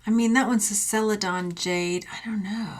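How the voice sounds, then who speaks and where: A woman's voice: mid-range voice, fairly even intonation, moderate pace. A woman from Texas, a thrift jewelry reseller, chatting playfully through an unboxing vlog with jokey asides and silly sound effects.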